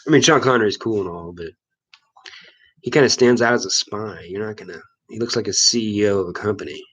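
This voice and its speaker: Casual livestream host, man from Missouri, slightly low voice, easygoing and rambling. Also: a little fast, fairly bright tone, low-quality recording. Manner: laid-back, rambling, chuckles often. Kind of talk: casual live chat with viewers.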